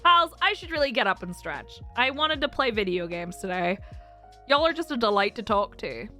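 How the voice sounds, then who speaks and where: A woman's voice: fairly high pitch, very animated, moderate pace, bright, forceful tone, soft background music. A woman streamer chatting casually with her audience, emotional and close to tears, laughing often as she reads chat aloud. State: teary, close to crying.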